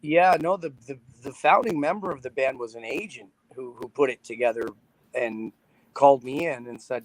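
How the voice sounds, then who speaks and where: A man's voice: mid-range voice, normal speed, dry recording, rough recording. A man from Canada, a guest on a podcast, talking casually about his band with many restarts and laughs. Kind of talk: casual chat.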